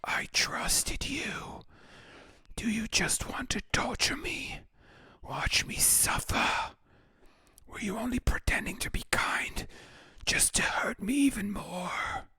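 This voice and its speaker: A man's voice: high voice, lively intonation, slow pace, sharp tone, breathy edge, no room sound, studio quality, exaggerated voice. A man reading a heartbroken young woman's lines from a game aloud as whispered role-play, pleading and blaming herself. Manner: pleading, self-reproaching, breaks into unvoiced whisper.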